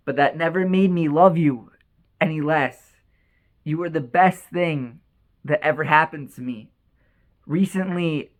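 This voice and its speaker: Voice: medium pitch, voice pushed down, close to an everyday voice. Storyteller reading a dying father's tender note. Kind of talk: read-out letter in a story.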